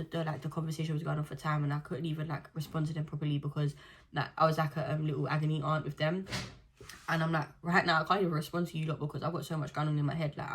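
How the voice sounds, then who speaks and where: A young woman chats casually to camera. Her voice sits low, and she tells her stories in a loose, slangy way. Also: slightly rough. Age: 20s. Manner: chatty storytelling with slang. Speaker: vlogger. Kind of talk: casual chat.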